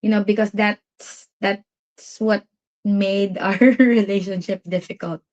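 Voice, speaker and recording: A woman with a Filipino accent co-hosts a live Q&A stream in casual chat. She speaks thoughtfully at a middle pitch and sometimes searches for words, and her voice comes through dull, lo-fi stream audio. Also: level tone, a little slow. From Philippines.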